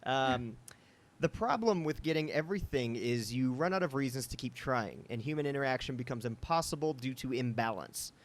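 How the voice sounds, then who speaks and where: A man's voice: medium pitch, expressive, moderate pace. A man hosting a casual podcast chat, rambling with many fillers and asides. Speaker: podcast host.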